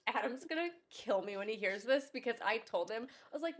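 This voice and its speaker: A woman's voice: a little high, fast talker, hardly any pauses, crowd noise. A young woman co-hosting a podcast, chatting in a candid, upbeat way. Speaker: podcast co-host. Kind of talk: casual chat.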